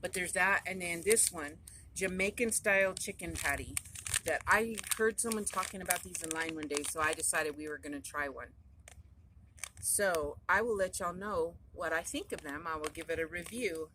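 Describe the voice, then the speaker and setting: A woman's voice: on the low side, moderate pace. Rambly lady vlogging from her car, road noise all over it. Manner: rambling, chatty storyteller. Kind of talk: casual chat to camera. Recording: noisy car phone recording. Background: road and vehicle noise.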